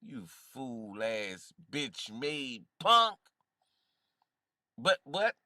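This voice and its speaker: A man streams his reaction with heated, mocking commentary, his voice swinging widely up and down. The tone is bright and edgy, and the sound is dry and close. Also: mid-range voice, very animated, extremely slow, no echo. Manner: heated, mocking, laughs often.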